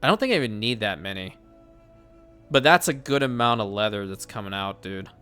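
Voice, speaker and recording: Bright-voiced man thinking aloud. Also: fairly low pitch, expressive, fairly quick, clean tone, soft background music. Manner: thinks aloud, self-correcting, chatty. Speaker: gaming channel host. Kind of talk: casual gameplay commentary.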